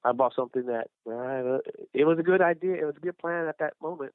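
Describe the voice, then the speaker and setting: A man's voice: on the high side, fast, clean tone, no room sound. A middle-aged man talks through his faith story in a loose, rambling way, full of restarts and fillers. His voice comes through thin and phone-like, with no room sound at all. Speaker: guest, small business owner. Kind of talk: casual faith testimony. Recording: dry, tinny phone-like sound.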